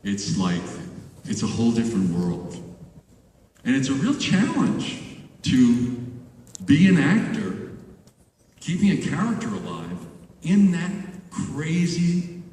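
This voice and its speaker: An older man in his sixties spins an animated story for a convention crowd, his voice rising and falling with lively swings. He acts out studio exchanges and laughs along as he goes. It comes from far off in a large hall, with long reverb and a faint hum behind it. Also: mid-range voice, slow pace, pauses often. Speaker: voice actor panel guest. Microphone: handheld camera far from stage.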